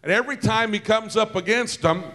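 A man preaching a sermon, telling stories with quick asides and laughter and calling out to the congregation. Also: high voice, in a large hall. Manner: lively storytelling with asides and laughter; calls out to the congregation.

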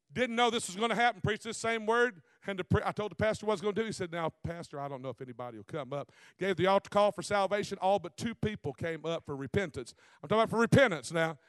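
A preacher man, middle-aged, delivering a folksy, lively sermon. His voice sits fairly high, and the sound is close and dry. He drives home his points with one rhetorical question after another. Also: dry recording. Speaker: visiting preacher.

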